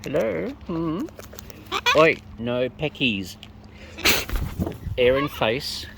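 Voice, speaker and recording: In an extremely low, gravelly voice, animated yet extremely slow, a bird-feeding vlogger chats babyishly and playfully to wild birds as she feeds them outdoors. She records on a phone held close, with loud bird noise around her.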